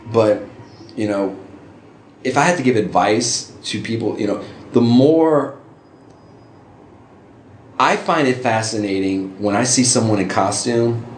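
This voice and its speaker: A middle-aged man casually telling stories as an interview guest, with animated jumps into high voices for quoted reactions. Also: unhurried, pauses often. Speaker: interview guest, costume hobbyist. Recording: roomy with faint ambient noise.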